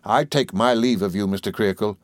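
A man voicing a humble, weary male schoolteacher who speaks quietly and with restraint. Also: lowish voice, brisk, no room sound, lightly acted. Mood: restrained.

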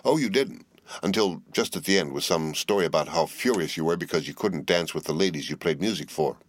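A man's voice: low voice, brisk. A man voicing a bored, witty young heiress who talks in a cool, teasing, languid way.

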